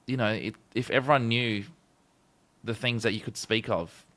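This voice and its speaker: A man's voice: medium pitch, moderate pace, fairly bright tone. An Australian man hosting an interview, talking casually with lots of fillers like "you know" and "kinda". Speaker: host.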